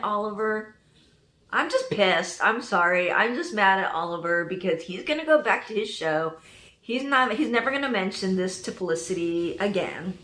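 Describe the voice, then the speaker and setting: A woman giving an excited reaction review of a TV episode, gushing and thinking out loud as she goes. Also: a little high, roomy sound.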